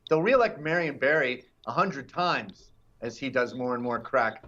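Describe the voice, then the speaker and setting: A man's voice: medium pitch, expressive, moderate pace, sharp tone, dull audio, a little hiss or hum. A man guest on a political talk show, brash and mocking, sometimes putting on silly voices.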